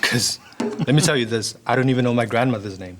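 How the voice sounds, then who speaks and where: A man's voice: mid-range voice, background noise. A man, a guest in a casual conversation, speaking candidly and bluntly. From South Africa. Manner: candid, blunt, quick asides.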